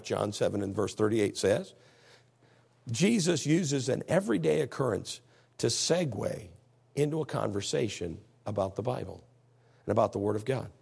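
Male pastor, gravelly and husky, folksy emphatic sermon delivery. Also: medium pitch, a little mellow. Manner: folksy, emphatic preaching, reads scripture aloud.

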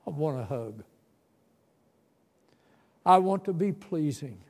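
A man's voice: on the high side, lively intonation, slow pace, darkish tone. A man in his seventies telling a tender, folksy story from his boyhood as part of a sermon. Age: 70s. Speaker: preacher.

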